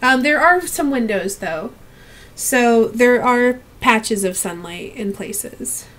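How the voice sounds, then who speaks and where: A young woman runs a tabletop game, laying out hallways at a slow, unhurried pace. Her voice is bright and a little high, with ums between her descriptions. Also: animated. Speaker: game master.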